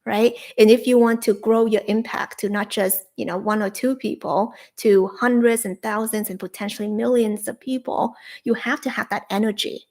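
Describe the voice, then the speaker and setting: A young adult woman with a slightly high voice hosts a spiritual coaching livestream. She talks viewers through soothing, repetitive affirmations in a gentle, encouraging manner. Now and then she breaks into bright, excited bursts of energy. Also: normal speed, hardly any pauses. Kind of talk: live-streamed coaching talk.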